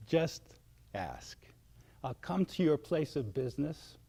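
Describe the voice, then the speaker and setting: An older man giving a motivational wellness talk, animated and acting out shouted outbursts. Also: fairly high pitch, takes it slowly, creaky, husky. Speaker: wellness speaker.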